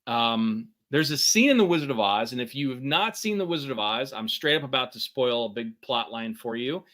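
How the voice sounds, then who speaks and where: A man's voice: medium pitch, animated, a little fast, a bit bright. A middle-aged man co-hosting a workshop talk, conversational, with lots of fillers and "right?" checks. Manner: conversational, many fillers and tag questions. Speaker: podcast co-host.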